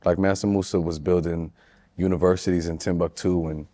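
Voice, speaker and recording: A man's voice: deep voice, flat delivery, fairly quick, warm tone. A man from Chicago, a musician talking as a guest in a casual interview, laid-back and slangy. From Chicago, United States. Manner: laid-back, slangy, often saying "you know what I'm saying".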